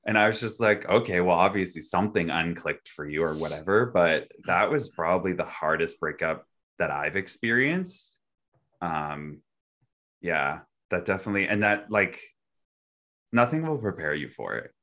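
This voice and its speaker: Deep-voiced man telling a story casually. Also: normal speed. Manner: heavy use of filler "like"; expressive, swings between quiet and loud.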